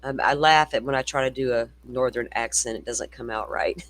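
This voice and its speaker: A man's voice: medium pitch, moderate pace, a bit bright. A middle-aged man hosting a casual true-crime livestream, swearing freely and reading viewer comments aloud. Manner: profane, ranting, reads viewer comments aloud.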